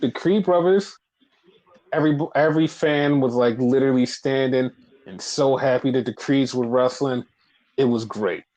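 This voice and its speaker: A man co-hosting a podcast, casually recapping wrestling in a profane, animated way. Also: medium pitch, normal speed, low-quality recording. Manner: profane, animated retelling with put-on quotes. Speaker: podcast co-host.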